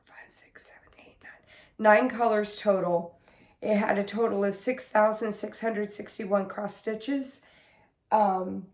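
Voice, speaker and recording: A hoarse woman getting over an illness, with a smoky, husky voice, chatting casually as host of her cross-stitch video in her craft room. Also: mid-range voice, a little mellow, roomy sound. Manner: rambling, chatty, full of fillers. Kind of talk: casual chat to camera.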